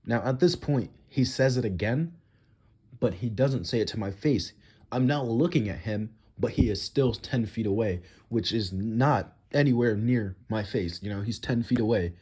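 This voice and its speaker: Husky teenage guy telling a story. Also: fairly low pitch, normal speed, mellow. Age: teens. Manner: rambling, many "you know" and "like" fillers. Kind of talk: casual storytime monologue.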